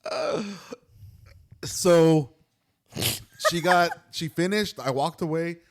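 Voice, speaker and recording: A man's voice: a little high, takes it slowly. A young adult man on a podcast, casually telling a story about a day at work and acting out each quoted exchange. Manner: animated retelling, acts out quoted dialogue. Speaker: podcast co-host.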